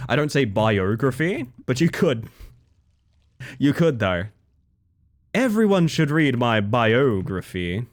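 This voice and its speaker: Lively, playful man streaming. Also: medium pitch, takes it slowly, long pauses. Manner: chatty, playful, self-mocking, laughs often. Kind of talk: casual gaming stream chat.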